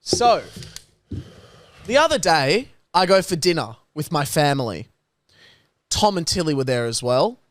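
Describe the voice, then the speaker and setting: A young Australian man co-hosting a podcast, telling stories in an animated way and doing voices. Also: a little high, unhurried, pauses often, no room sound. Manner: animated storyteller, does voices. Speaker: podcast co-host. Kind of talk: casual chat.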